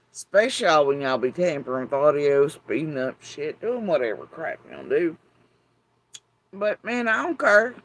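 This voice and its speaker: Deep-voiced Appalachian woman ranting. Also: fairly bright tone. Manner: profane, sarcastic ranting. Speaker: vlogger. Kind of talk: angry monologue to camera.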